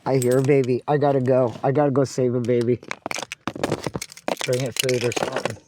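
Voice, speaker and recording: A woman with a rumbling low voice, level in tone and a little fast, vlogs outdoors on a street. She rambles to herself and to cats, swearing often, in a noisy outdoor recording.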